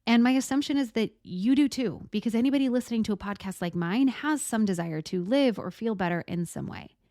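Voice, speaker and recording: A woman hosting a solo podcast, talking in a gentle, thoughtful, reflective way and slowing down to stress words. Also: a little high, lively intonation, no room sound, studio quality. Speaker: podcast host.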